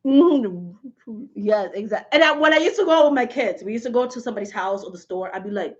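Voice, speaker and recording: A woman in her forties chats loosely with her viewers, laughing a lot as she tells stories. Her voice sits a little high, and the livestream sound is dull and muffled. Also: fairly quick. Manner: laughing, animated storytelling. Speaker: spiritual reader and channel host. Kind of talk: casual live chat with viewers.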